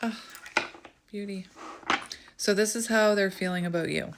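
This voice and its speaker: A woman doing a casual tarot reading to camera, chatty and thinking aloud as she draws cards, with frequent laughs and bursts of excitement. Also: mid-range voice, measured pace, very noisy. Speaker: tarot reader.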